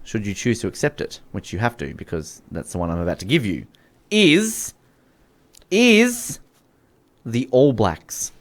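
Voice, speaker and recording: A man hosting a radio comedy game, teasing and animated, tripping over his words now and then. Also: on the low side, a little slow, long pauses. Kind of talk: playful studio banter, judging a game.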